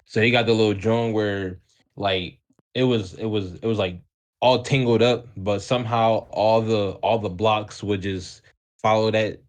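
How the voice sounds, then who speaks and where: A man's voice: lowish voice, fairly even intonation, a little slow. A man co-hosting a podcast, casually telling a childhood story in a rambling way with lots of restarts. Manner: rambling, many restarts and fillers, laughs often. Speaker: podcast co-host.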